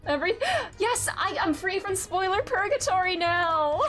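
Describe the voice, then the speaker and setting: A woman streamer reacts to a story game in casual, emotional commentary, swearing now and then. Her voice is high and swings widely in pitch. Faint game music plays behind her. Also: animated, normal speed, fairly bright tone.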